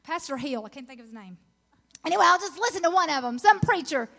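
A middle-aged woman preaching at a women's conference, earnest and encouraging, swelling into excited emphasis when she reads scripture. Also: high voice, fast talker. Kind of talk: sermon.

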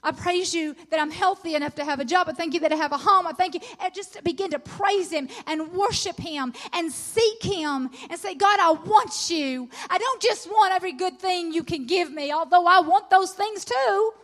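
Middle-aged woman preaching at a women's conference, really high voice, earnest and encouraging, gets fired up over scripture. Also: normal speed, few pauses. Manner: earnest, encouraging, rising to excited emphasis on scripture. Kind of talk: sermon.

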